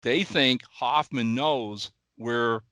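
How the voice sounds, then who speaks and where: An older man co-hosting a podcast, telling stories in animated casual chat and often checking in with "all right?". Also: mid-range voice, very slow, no room sound. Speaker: podcast co-host.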